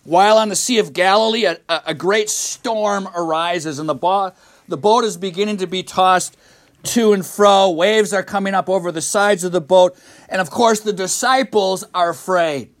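A man's voice: high voice, normal speed, distant mic. A man preaching a sermon in a church as pastor, talking conversationally and asking the congregation questions. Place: church sanctuary.

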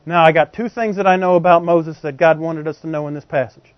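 A man's voice: a little high, steady tone, brisk, no echo. A man preaching a sermon in a conversational way, constantly asking the congregation rhetorical questions. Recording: dull, dry lo-fi recording.

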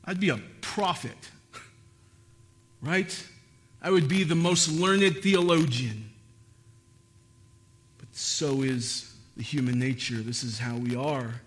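A man's voice: medium pitch, steady tone, slow, long pauses. A man preaching a sermon, asking his listeners questions and building to emphatic, repeated phrases. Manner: asks the audience questions. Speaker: pastor.

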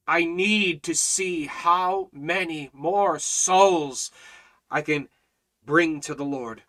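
A man teaching a Bible study with fiery, preacherly passion. His voice sits high and sounds bright and forceful. He swings from loud, driving exhortation down to hushed, urgent emphasis. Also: drawn-out words.

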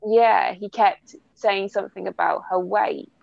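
A woman from England co-hosting a casual chat podcast, calm and asking questions, recorded on a dull lo-fi mic. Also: mid-range voice, measured pace, vocal fry, dry recording. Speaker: podcast co-host. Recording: dull lo-fi sound.

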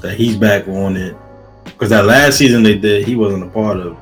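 A man with a fairly low voice talks loosely on a podcast, full of slang, swearing and filler words. Music plays faintly underneath. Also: moderate pace. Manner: slangy, profane, rambling with many fillers. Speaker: podcast co-host. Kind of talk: casual chat.

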